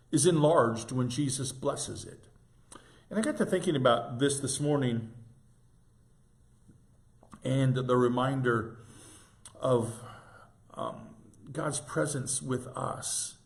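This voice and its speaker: An older pastor in his sixties shares a devotional reflection in a tender, thoughtful way. He often pauses and restarts his sentences. His voice sits at an ordinary middle pitch. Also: gravelly.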